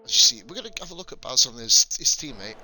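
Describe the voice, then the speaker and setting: An English man with a slight lisp calls an online race live, blunt and free with swearing. His pitch swings up and down a lot as he reacts. Music plays clearly under his voice from his desk mic. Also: sing-song, fast. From England. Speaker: sim racing commentator. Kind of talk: live stream race commentary.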